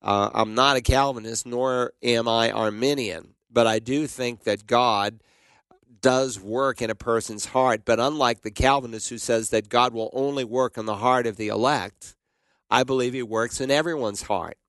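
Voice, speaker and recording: A man teaching the Bible on a call-in radio show, answering a caller in a measured, explanatory way and quoting scripture. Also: mid-range voice, fairly even intonation, fairly bright tone, smooth, no room sound.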